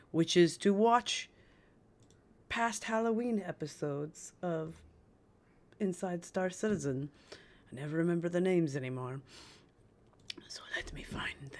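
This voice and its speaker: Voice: medium pitch, a bit bright. A game streamer in casual live-stream chat, talking to the viewers and humming while searching. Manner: chatty, talks to chat, hums while searching.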